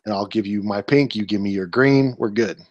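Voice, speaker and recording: A man's voice: lowish voice, fairly quick, no room sound, dull audio. Man ranting in a dry podcast room. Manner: ranting, exasperated storytelling. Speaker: podcast co-host. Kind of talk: casual podcast chat.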